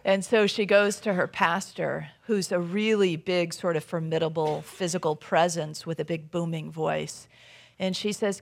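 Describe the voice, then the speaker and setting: A woman's voice: on the low side, fairly even intonation, a little slow, creaky. A woman minister giving a sermon in a conversational, storytelling way, often checking in with the congregation with little tag questions.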